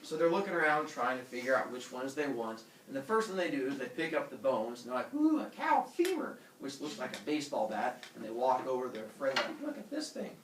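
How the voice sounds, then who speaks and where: A man teaching a class, retelling a myth with lively acted-out character voices. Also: mid-range voice, quick pace, hardly any pauses, a little hiss or hum. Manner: animated, acts out characters with silly voices. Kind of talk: storytelling lesson to students. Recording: echoey room from far off.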